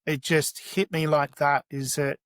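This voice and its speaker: A middle-aged man being interviewed on a podcast, talking in a slightly high voice. He tells lively stories with frequent restarts and repeated words. The sound is close and dry, with no room around it. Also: unhurried, no echo. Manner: animated anecdotes with many restarts. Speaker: guest chef.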